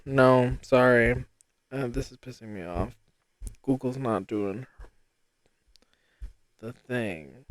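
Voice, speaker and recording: Slow-talking young woman podcaster, smooth voice. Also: rumbling low, dry recording. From Rhode Island, US. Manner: rambling and self-deprecating, with sudden excited outbursts. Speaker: podcast host. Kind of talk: casual solo podcast chat.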